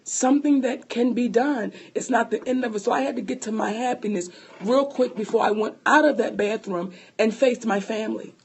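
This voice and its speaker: Husky, high-voiced woman telling a story. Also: fairly quick. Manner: animated, profane, laughs often; speaks to listeners as sisters. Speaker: podcast co-host. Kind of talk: personal storytelling chat.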